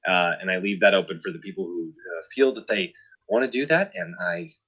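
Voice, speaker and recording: A man's voice: lowish voice, brisk, vocal fry, fairly bright tone, lo-fi sound. A man hosting a tabletop game stream, chatting casually between sessions, apologetic and rambling with plenty of fillers. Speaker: host.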